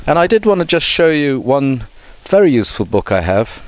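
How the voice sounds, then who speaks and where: A man, a teacher, giving an online mini lesson. He talks slowly and carefully, with many hesitant fillers. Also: mid-range voice, sing-song, a little hiss or hum. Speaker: English teacher.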